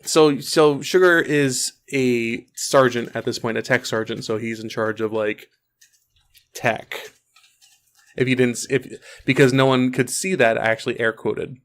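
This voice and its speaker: A man's voice: medium pitch, measured pace, a bit bright. A young adult man co-hosting a podcast, chatting casually and rambling a bit. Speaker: podcast co-host. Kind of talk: casual chat.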